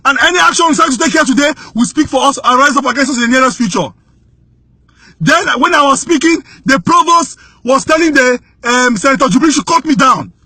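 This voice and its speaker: A Nigerian whistleblower gives impassioned testimony in a very high, bright, piercing voice, recounting events with urgency and indignation. He rises into shouts when pressing his point. The recording is close and dry, with no room sound at all.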